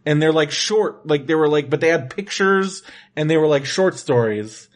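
A man's voice: a little high, normal speed. A man co-hosting a casual chat, rambling with lots of restarts and fillers. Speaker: podcast co-host.

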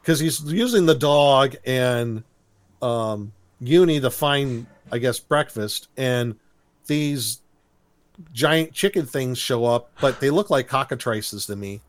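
A man's voice: medium pitch, takes it slowly. A man chatting casually on a podcast, retelling a cartoon episode with laughs and silly quoted voices. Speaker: podcast co-host recapping a cartoon. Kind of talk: casual chat.

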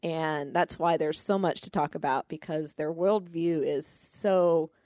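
A woman's voice: deep voice, unhurried, darkish tone, dry recording, studio quality. A woman co-hosting a casual film review chat, talking in a chatty way with frequent laughs and restarts. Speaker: podcast co-host.

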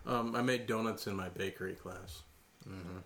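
A man's voice: deep voice, fairly even intonation, normal speed, a bit bright, slight background noise. A man co-hosting a casual radio chat, talking in a chatty way with frequent ums. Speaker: radio show co-host.

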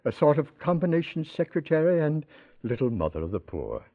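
A man's voice: a little high, very animated, fairly quick. An actor playing a genteel, earnest man who runs a charity house, in 1940s radio acting style. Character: pious male charity house owner. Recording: tinny old radio broadcast.

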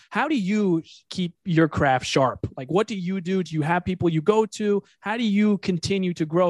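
A man's voice: on the high side, dry recording, clean studio sound. A male podcast host asking a guest earnest, appreciative questions in a casual interview.

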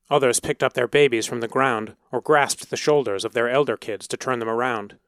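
A man narrating a story in a steady, measured reading voice. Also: medium pitch, clear, resonant tone, no room sound, studio quality.

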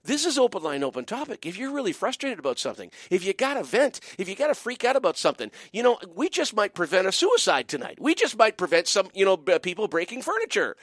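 A man's voice: sits high, very animated, quick pace, few pauses, fairly bright tone, no echo, clean studio sound. A man hosting a call-in radio show, telling a long rambling story full of "okay?" and "you know" asides. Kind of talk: animated storytelling monologue.

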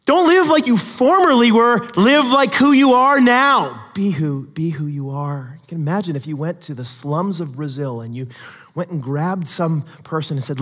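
A man with a high voice preaching a sermon in a church hall. He drops to quiet, conversational asides, then climbs to loud, emphatic peaks. A long reverb trails his words. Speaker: pastor.

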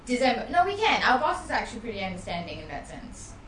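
A woman's voice: a little high, sing-song, fast talker, a crowd in the background. A woman guest in a casual podcast chat, talking in a frank, easygoing way. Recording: roomy, distant, noisy.

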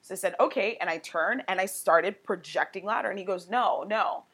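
A woman's voice: on the low side, fairly even intonation, fairly quick, fairly bright tone, breathy edge. A woman guest on a podcast, telling a personal story in a candid, conversational way full of "like" and "you know". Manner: candid and emotionally open.

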